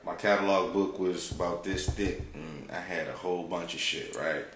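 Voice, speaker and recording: A man from Detroit, a podcast host, telling an animated, profane story in a laid-back way. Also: deep voice, moderate pace. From Detroit, United States. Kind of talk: casual storytelling. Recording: roomy with faint background noise.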